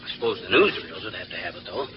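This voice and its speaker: An actor playing a blustering, excitable husband who fancies himself a detective, loud and quick to leap to wild conclusions, in 1940s radio comedy style. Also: male voice, low voice. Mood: boastful. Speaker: comic lead in a radio sitcom. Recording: muffled old radio broadcast with hiss.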